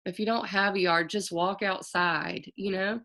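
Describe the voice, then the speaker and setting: A woman's voice: mid-range voice, steady tone, measured pace, bright, forceful tone. A woman astrologer giving a loose, chatty forecast, often stopping to correct herself and tossing in slang. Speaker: astrologer host.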